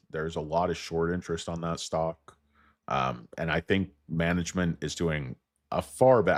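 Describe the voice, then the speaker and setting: Casting note: very low-pitched male host, crude and self-deprecating, rambles off topic, close dry mic. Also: no echo. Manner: crude, self-mocking, riffs into jokey tangents; rattles off stock moves in a flat list. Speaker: stock market show host. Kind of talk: rambling casual market chat.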